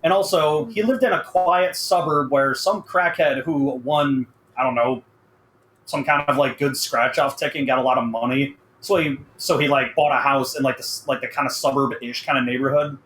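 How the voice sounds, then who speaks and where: A man's voice: mid-range voice, steady tone, moderate pace, fairly bright tone. A man chatting casually on a podcast, rambling through stories with lots of swearing and laughter. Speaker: podcast co-host. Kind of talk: casual chat. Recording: echoey room with faint background noise.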